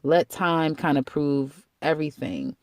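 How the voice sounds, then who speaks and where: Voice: mid-range voice, big pitch swings, measured pace, dry recording, studio quality. A tarot reader giving a casual monthly reading in a chatty, rambling way, blunt and laughing at their own remarks.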